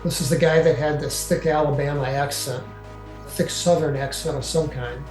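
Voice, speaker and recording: An older man recounting his own experience to an interviewer, in a halting way with many fillers. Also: on the high side, steady tone, a little mellow. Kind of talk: first-person storytelling. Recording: echoey room with faint music.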